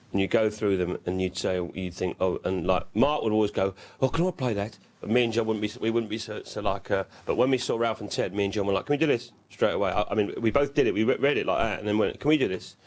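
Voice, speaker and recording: A man, a comedy actor, telling an animated anecdote in a documentary interview. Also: lowish voice, fast.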